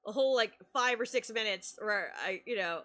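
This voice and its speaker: A woman streamer telling a story in casual chat, animated and laughing often, with sudden excited shouts. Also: a little high, a little fast.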